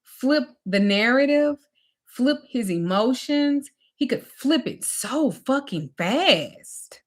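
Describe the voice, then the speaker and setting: A woman's voice: high-pitched, slow pace. Brief: female life coach, frank and emphatic, casual storytelling delivery. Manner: candid, emphatic, swings from animated to drained. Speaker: spiritual teacher and life coach. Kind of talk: personal storytelling in a teaching talk.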